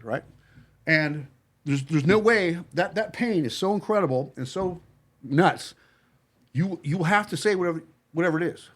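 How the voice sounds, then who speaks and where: Profane man telling a story. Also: a little high. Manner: blunt, profane, halting with fillers and restarts. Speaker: podcast guest telling his story. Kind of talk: casual storytelling among friends.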